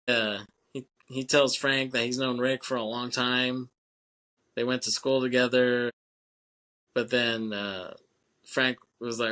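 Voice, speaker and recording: Bright-voiced man recapping a movie. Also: mid-range voice. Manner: rambling, laughs often, acts out lines in quick put-on voices. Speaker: podcast co-host. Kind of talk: casual movie recap chat.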